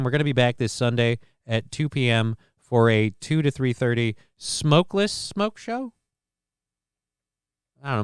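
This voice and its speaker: The clip has a man with a clear, resonant, medium-pitched voice, recorded in clean studio sound without echo. Hosting his own live-stream show, he reads news aloud and rambles profanely about each item in casual commentary.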